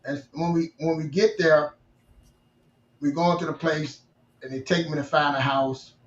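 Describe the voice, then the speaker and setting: A man telling a long personal story in a casual interview, animated, restarting and repeating himself. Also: on the high side, moderate pace, a little hiss or hum. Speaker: guest. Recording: roomy, distant, dull-sounding mic.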